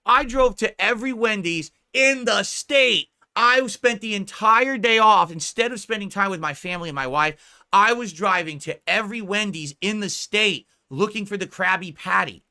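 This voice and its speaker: Bright-voiced mocking male streamer. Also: high-pitched, moderate pace. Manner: mocking, laughing, profane. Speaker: live streamer. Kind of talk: live-stream reaction commentary.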